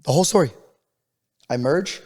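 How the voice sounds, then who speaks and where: A man's voice: fairly high pitch, moderate pace, darkish tone, long reverb tail. A man co-hosting a podcast in casual chat. He is laid-back, swears freely and repeats words for emphasis. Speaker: podcast co-host.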